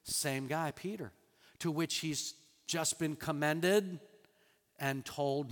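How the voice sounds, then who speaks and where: A man preaching a sermon as a pastor, animated, acting out quoted lines with sudden loud bursts and soft drops. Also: fairly high pitch, takes it slowly, long reverb tail.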